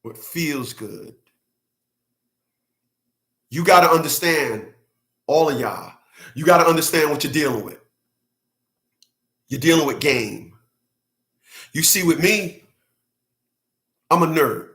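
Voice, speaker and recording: Bright, high-voiced man ranting bluntly. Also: lively intonation, measured pace, long pauses. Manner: blunt, heavy cursing, repeats words for emphasis. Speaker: channel host commenting on clips. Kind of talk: profane reaction commentary.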